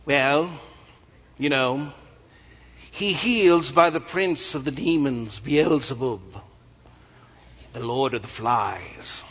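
A man's voice: medium pitch, slow pace, pauses often, fairly bright tone, husky. A man putting on a snooty British-accented accuser. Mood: sneering. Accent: put-on British. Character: snooty male religious leader, accusing. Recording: echoey hall, dull lo-fi sound.

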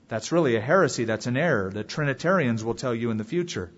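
A man preaching a sermon with dramatic swings from loud calls to quiet asides. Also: mid-range voice, lively intonation, fast, few pauses, husky, muffled recording. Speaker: pastor.

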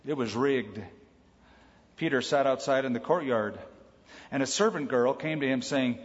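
A man preaching a sermon in a conversational way, tossing in quick quoted asides. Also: mid-range voice. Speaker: pastor. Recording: dull sound with long hall reverb.

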